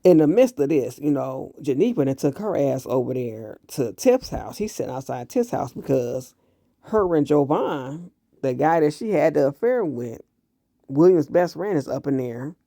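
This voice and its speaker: A man recapping a TV series episode in casual, animated commentary, blunt and full of profanity. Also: on the high side, normal speed, vocal fry, no room sound, studio quality. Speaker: TV show reviewer.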